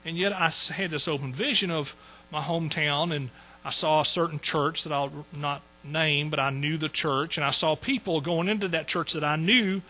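A man's voice: fairly high pitch, steady tone, moderate pace, sharp tone, husky, low-quality recording. A man in his sixties telling his conversion story in a folksy sermon, repeating phrases for emphasis. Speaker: preacher. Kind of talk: sermon testimony.

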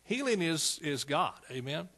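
A man's voice: fairly high pitch, big pitch swings, measured pace, sharp tone, breathy edge. A man preaching a fervent sermon, calling out to his congregation.

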